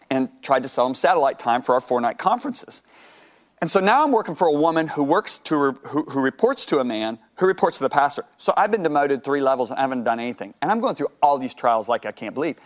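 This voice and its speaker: A man telling a personal faith story as an interview guest, acting out his dialogue with God and repeating words when excited. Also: medium pitch. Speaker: guest sharing his testimony.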